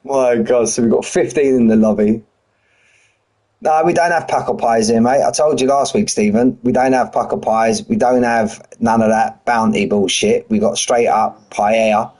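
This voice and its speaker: A middle-aged British man with a husky voice, chatting casually on a sim racing stream and bantering with viewers. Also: medium pitch, normal speed, darkish tone, low-quality recording. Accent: British English. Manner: chatty, banters with chat, drops h's and says "mate". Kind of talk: casual live-stream chat.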